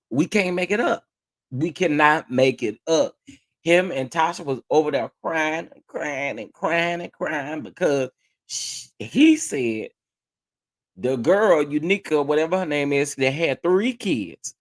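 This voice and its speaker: A man hosting a reaction commentary, talking back at a played call, incredulous and exclaiming, repeating lines for emphasis. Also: on the high side. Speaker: commentary vlogger.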